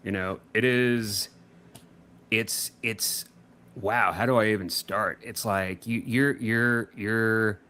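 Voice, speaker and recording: A man's voice: fairly low pitch, steady tone, slow, pushed and bright, smooth. A man co-hosting a casual panel chat about conventions, rambling with many restarts and repeated words. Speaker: podcast co-host, editor.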